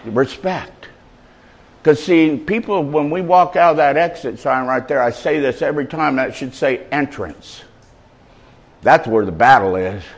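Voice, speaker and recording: A man giving an informal sermon as a faith-based mentor, mixing street slang with scripture read out slowly and loudly. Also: mid-range voice, rough recording. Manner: animated, conversational preaching with street slang.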